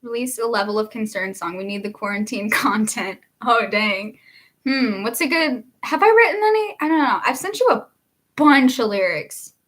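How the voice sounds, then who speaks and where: A woman's voice: on the high side, lively intonation, normal speed, a bit bright. A young woman, a singer-songwriter hosting a casual livestream, chatting, laughing often and reading viewer comments aloud.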